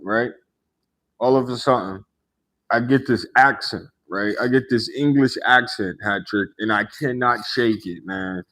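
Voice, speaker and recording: A man's voice: mid-range voice, a bit bright. Laid-back man chatting on a livestream. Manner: laid-back, laughs often, repeats phrases and says "right?". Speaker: livestream host chatting with viewers. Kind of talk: casual live-stream chat.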